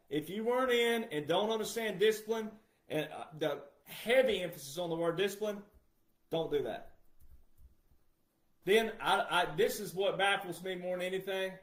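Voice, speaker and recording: A middle-aged man giving an emphatic, repetitive casual monologue straight to his viewers. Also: high-pitched. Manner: emphatic, repetitive, addresses the audience directly. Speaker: commentator. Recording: echoey room.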